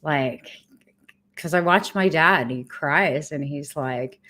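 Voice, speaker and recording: A woman's voice: sits low, slow pace, fairly bright tone. A middle-aged woman giving a candid personal update in a vlog from home, frank and emotional, with casual swearing. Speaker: vlogger sharing a cancer journey.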